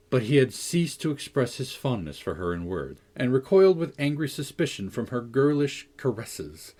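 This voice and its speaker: A man narrating a classic novel as an audiobook, in measured, expressive storytelling with a husky voice. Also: mid-range voice.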